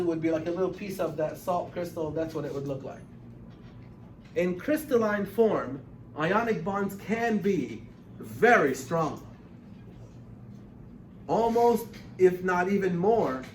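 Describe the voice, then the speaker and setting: A man teaching a chemistry class, lecturing with emphatic, animated repetition of key points. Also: high-pitched, slight background noise. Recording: echoey classroom from far off.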